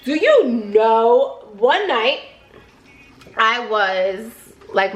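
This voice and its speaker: A young woman speaks in a fairly high voice. She chats casually and bluntly, full of slang and cursing. She retells a personal story on her makeup vlog. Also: lively intonation, very slow, pauses often. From New Jersey. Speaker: beauty vlogger.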